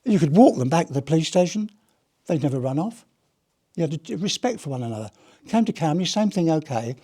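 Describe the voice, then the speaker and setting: Husky older man telling stories. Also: fairly high pitch, sing-song, fast talker, dark tone. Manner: rambling, chatty storyteller with many restarts. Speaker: guest speaker, retired police officer. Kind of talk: anecdotal talk to a live audience. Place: heritage gallery talk.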